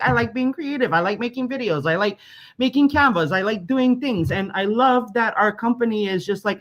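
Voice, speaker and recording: A woman's voice: mid-range voice, low-quality recording. Chatty woman co-host. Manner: chatty, laughs along, relaxed asides. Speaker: podcast co-host. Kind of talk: casual talk show chat.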